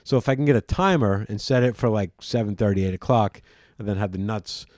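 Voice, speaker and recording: A man's voice: fairly low pitch, a little fast, a little mellow, no echo, studio quality. A man with a Long Island accent, rambling loosely as a podcast co-host in casual chat. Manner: chatty, rambling with restarts.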